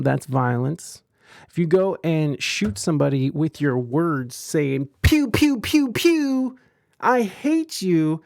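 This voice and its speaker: Casting: male podcast host, gravelly, slightly high voice, dry close mic, loose rambling delivery. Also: darkish tone, no room sound. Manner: rambling, stumbling restarts, crude jokes. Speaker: podcast host reading chat. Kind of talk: casual crude commentary.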